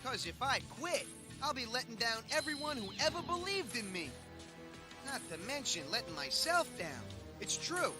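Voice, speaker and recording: Scrappy, boastful teen duelist; high, lively delivery over music. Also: male voice, normal speed. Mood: cocky. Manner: cocky, boastful shouting. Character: brash, scrappy teenage boy duelist. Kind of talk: cartoon dub acting. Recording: dub audio with music underneath.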